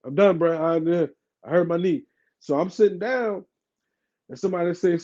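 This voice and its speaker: A man's voice: high-pitched, moderate pace. A man in his thirties from New Orleans with a local accent, a podcast guest telling a story in casual talk, full of fillers and acting out what others said. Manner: animated, acts out quoted voices, heavy fillers. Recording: dull lo-fi podcast audio.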